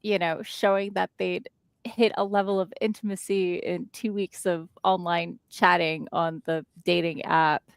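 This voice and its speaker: A woman's voice: lowish voice, steady tone, measured pace, gravelly, clean tone, no room sound. A woman co-hosting a casual livestream from her desk at home, chatting and reading out viewer comments. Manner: chatty, reads out viewer comments, frequent restarts. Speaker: stream co-host. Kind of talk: casual chat on a co-working livestream. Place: home living room desk.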